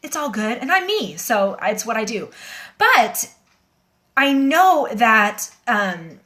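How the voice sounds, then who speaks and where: A woman's voice: a little high, sing-song, takes it slowly, fairly bright tone. A woman hosting a casual phone livestream, talking earnestly and rambling with many fillers, shaken and emotional. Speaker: livestream host. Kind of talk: casual livestream talk to viewers.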